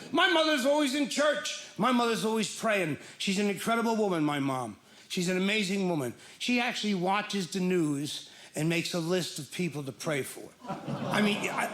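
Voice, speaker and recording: A man works a stand-up crowd, telling self-deprecating stories and climbing into loud punchlines. His voice sits a little high for a man. The live club recording has a clear layer of noise under it. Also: reverberant. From Irish-American from New Jersey. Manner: self-deprecating storytelling, stuttering bits, rising to shouted punchlines. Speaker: stand-up comedian. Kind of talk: stand-up comedy set. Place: comedy club stage with live audience.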